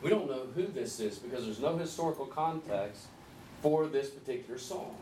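A man leading a group Bible study, conversational and gently teasing, asking the group questions. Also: medium pitch, expressive, normal speed. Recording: echoey room, distant mic, faint hiss.

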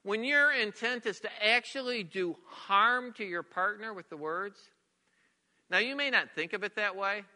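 A man's voice: sits high, measured pace, bright, forceful tone, long reverb tail. A middle-aged man preaching a sermon as a pastor, earnest and repetitive, sometimes dropping to a near whisper for emphasis.

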